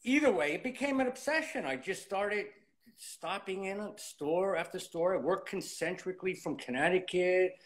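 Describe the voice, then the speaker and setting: Lively storyteller man in his fifties. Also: high-pitched, normal speed. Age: 50s. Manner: animated storyteller acting out old conversations. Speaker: interview guest. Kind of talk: casual storytelling interview.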